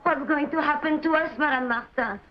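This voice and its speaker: An actress playing an anxious tenant in a 1940s film, speaking pleadingly. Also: female voice, high-pitched, fairly quick, lightly acted. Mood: worried. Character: worried tenant woman, anxious. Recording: dull old film soundtrack.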